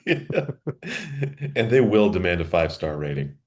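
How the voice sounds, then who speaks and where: A man with a very deep voice co-hosts a casual comedy podcast. His pitch swings widely as he jokes. He laughs often between deadpan bits. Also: moderate pace. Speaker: podcast co-host.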